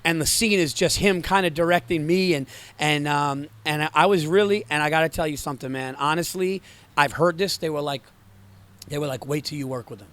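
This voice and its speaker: A man telling a comic story as a podcast guest, excitable and acting out both sides of a conversation. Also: fairly high pitch, a little fast, clean tone. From Greek and Sicilian heritage. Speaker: comedian guest. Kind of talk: animated storytelling.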